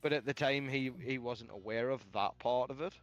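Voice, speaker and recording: A man streaming a game tells a story in casual chat through a headset mic, animated, laughing often and swearing plenty. His mid-range voice moves at normal speed over lo-fi sound, with faint music in the background.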